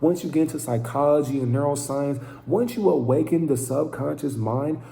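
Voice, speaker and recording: A man's voice: fairly high pitch, normal speed, gravelly, dark tone, roomy sound. A man giving an intense, profane, preaching monologue to camera as a vlogger.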